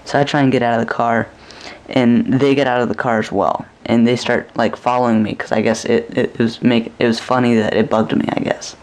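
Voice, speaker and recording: A man's voice: medium pitch, little pitch movement, a little fast. A young man casually recounting a rambling, crude dream story, acting out what people said in a raised voice. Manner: crude, rambling, acts out quoted lines with a raised voice. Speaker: vlogger.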